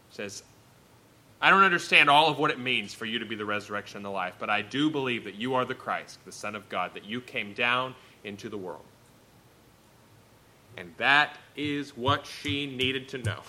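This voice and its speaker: A man with a bright, forceful voice delivers a sermon. He reads scripture aloud and explains it with earnest conviction, swinging between strong emphasis and hushed, slowed readings. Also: mid-range voice. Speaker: pastor.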